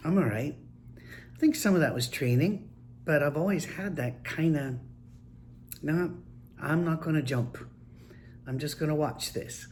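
An older man, a grandfather, telling casual anecdotes in a relaxed, folksy, wry way. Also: fairly high pitch, unhurried, long pauses, slight background noise. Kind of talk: casual storytelling monologue.

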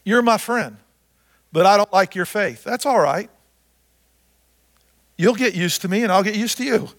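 A man preaching a sermon as pastor, repeating phrases and swinging from loud to soft. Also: high voice, moderate pace. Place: church sanctuary. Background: guitar music.

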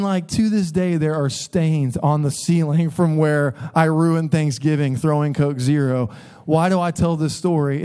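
A man's voice: fairly high pitch, dark tone. A middle-aged man, preaching a sermon in a church sanctuary and telling a story with laughs and bursts of emphasis. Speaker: pastor.

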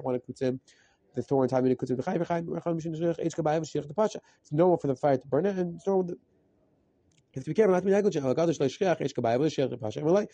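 A man giving a rapid Talmud lesson, reading through Aramaic text in a quick chant and translating it as he goes. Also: fairly high pitch, warm tone, no echo. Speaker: Talmud teacher. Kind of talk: rapid daf yomi lesson.

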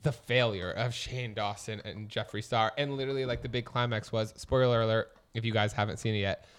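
A man's voice: on the low side, steady tone, fairly quick, clean tone. Casual man in his twenties, rambling. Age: 20s. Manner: rambling, filler-heavy, swears casually. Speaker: podcast co-host. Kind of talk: casual podcast chat.

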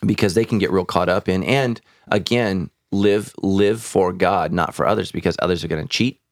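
A very deep-voiced man talks as a pastor on a podcast, answering questions in a loose, conversational way. He is frank, slips in wry jokes and often restarts his sentences. The sound is close and dry. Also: moderate pace, no room sound. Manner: frank, joking asides, many restarts. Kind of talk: casual podcast Q&A.

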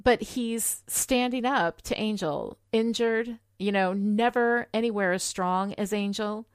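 A woman's voice: mid-range voice, unhurried, clear, resonant tone, dry recording. Woman, podcast co-host, enthusiastic, filler-heavy, dry close sound. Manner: enthusiastic, many fillers like "you know". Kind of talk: casual chat about a TV show.

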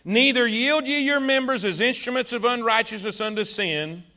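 A man preaching a sermon, urging the congregation to say lines back to him and swinging between loud emphasis and quiet asides. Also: extremely high pitch, moderate pace. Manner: exhorting congregation, call and response; rises and drops in volume for emphasis. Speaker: pastor.

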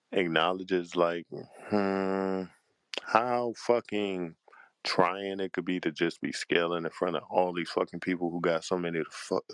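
A man's voice: low-pitched, no echo. A man who hosts panels, venting in a heated, profane and exasperated rant. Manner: profane, heated and exasperated, with a drawn-out tired delivery. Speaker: panel host. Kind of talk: angry livestream rant.

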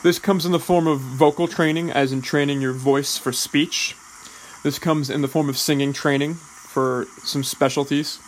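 A man who is an actor, explaining drama school training in a deliberate, measured way, often restarting words. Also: fairly high pitch, fairly even intonation, a little hiss or hum, poor audio. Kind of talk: explanatory talk.

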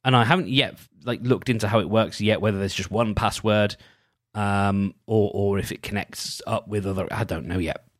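A man with a lowish voice rambles through a casual solo monologue, thinking aloud as he goes. He restarts sentences and leans on little fillers. The recording is dry and close, with no room sound. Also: steady tone, normal speed, no room sound. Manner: rambling, full of restarts and "you know".

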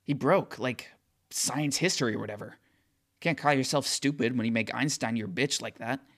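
A man voicing a crude, self-centered teenage boy in an audiobook, talking flatly and bluntly. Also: mid-range voice, moderate pace. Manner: flat, blunt, insulting.

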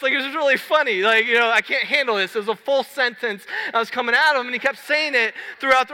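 A man in his thirties preaching a sermon in a large church hall, telling a story in a lively, conversational way. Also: very high-pitched, fairly quick, hardly any pauses. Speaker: pastor. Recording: long hall reverb.

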